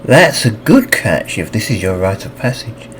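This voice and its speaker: A male audiobook narrator voicing an eager, fast-talking female harpy huntress. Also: on the low side, very animated, slight background noise. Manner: quick and eager.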